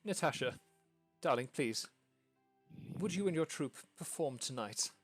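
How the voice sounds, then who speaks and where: A man's voice: mid-range voice, animated, measured pace, husky, no echo, soft background music, pitched above the performer's own voice. A man voicing an anxious, eager woman who runs a theatre, stammering and repeating his words.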